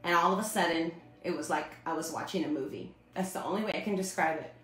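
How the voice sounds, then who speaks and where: A woman telling her personal testimony on a livestream, animated and storytelling. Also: lowish voice, fast talker, reverberant. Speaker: speaker sharing her testimony.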